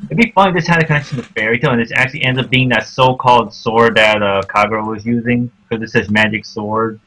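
A man chiming into a casual discussion with quick joking asides. His tone is bright and tense, with a husky edge. He sits at a middle pitch. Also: fairly even intonation, rough recording.

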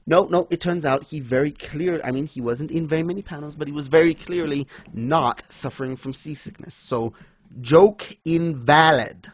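A man's voice: moderate pace, dry recording. Young guy ranting about a comic, exasperated, dry sound no room. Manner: exasperated, ranting, acts out quotes in high mocking voices. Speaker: podcast co-host reviewing manga. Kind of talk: casual critical chat.

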